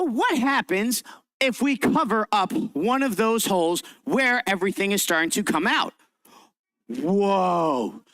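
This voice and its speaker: High bright-voiced children's science presenter. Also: male voice, no echo. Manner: upbeat, theatrical, directs children. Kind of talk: interactive science demonstration for kids. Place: library event room.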